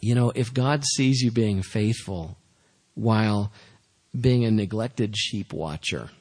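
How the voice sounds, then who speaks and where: A male pastor preaching a sermon in a lowish, husky voice. He is informal and humorous, slipping into playful asides as he makes his points. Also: slow, darkish tone. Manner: humorous, acts out little scenes in asides.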